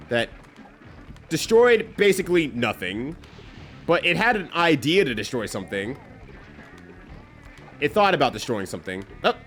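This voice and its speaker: A male streamer talks over his gameplay in a loose, joking ramble, cursing casually as he goes. His voice sits a little high for a man and swings widely in pitch. Faint music plays behind him. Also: fairly bright tone. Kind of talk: live gameplay commentary.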